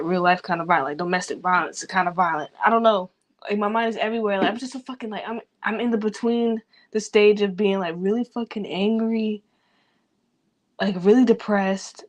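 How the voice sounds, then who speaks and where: A grieving woman, rambling loosely and cursing freely in a personal vlog. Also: mid-range voice. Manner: rambling, profane, loose and unfiltered. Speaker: vlogger.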